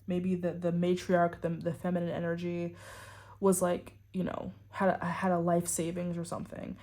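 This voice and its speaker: A woman's voice: on the low side, completely flat delivery, normal speed, warm tone. A woman giving a casual tarot reading to her viewers, rambling and full of "like" and "you know". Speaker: tarot reader.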